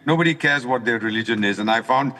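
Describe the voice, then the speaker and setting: An older man, a former ambassador, giving forceful, indignant commentary by phone on a live news broadcast while driving. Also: mid-range voice, fast talker, big-room sound.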